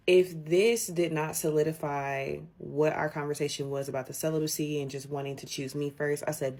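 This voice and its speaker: A woman telling a personal story in an indignant, animated rant with swearing. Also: sits low, normal speed, few pauses.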